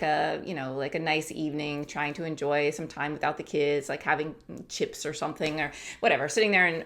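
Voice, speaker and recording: A woman in her thirties vlogging casually to camera, chatty and animated, acting out her own thoughts. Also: sits low. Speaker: YouTube coach and vlogger. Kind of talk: casual talking-to-camera vlog.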